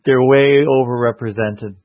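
A man's voice: medium pitch, steady tone, unhurried, no room sound. A Canadian man with a Canadian accent hosting a casual chat, dry and wisecracking. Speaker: podcast host. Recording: dry, dull lo-fi sound.

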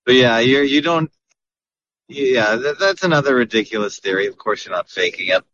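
Male podcast host, mid-pitched, rambly with fillers; muffled lo-fi audio. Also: expressive, normal speed, fairly bright tone. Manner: chatty, with many fillers and restarts. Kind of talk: casual chat.

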